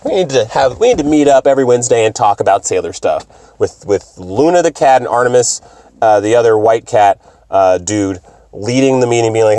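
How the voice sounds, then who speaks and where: Young guy ranting about cartoons, cussing a lot, pitch bouncing around, dry close sound. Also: brisk, no room sound. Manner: profane, excitable, rambling. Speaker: video host. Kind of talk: comedic recap rant.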